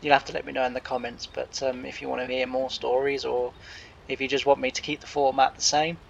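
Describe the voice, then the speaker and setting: A man's voice: mid-range voice, little pitch movement, fast, creaky, lo-fi sound. Bloke rambling thru an old farm story, lots of "he said, i said", bit of faint hiss behind. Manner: chatty, meandering, lots of reported speech. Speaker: farming game channel host.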